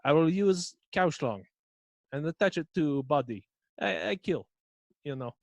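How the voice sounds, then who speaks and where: A man voicing a boastful, filthy Russian mad-monk cult leader in a loud mock-Russian accent drifting toward mock French, with pompous broken grammar. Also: fairly high pitch, animated, a little slow, vocal fry, no room sound.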